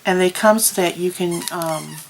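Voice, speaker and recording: A woman's voice: on the low side, normal speed, creaky, a little hiss or hum, poor audio. A woman vlogger chatting casually about crafts, telling stories with plenty of ums. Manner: chatty, storytelling with many ums. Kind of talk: casual chat.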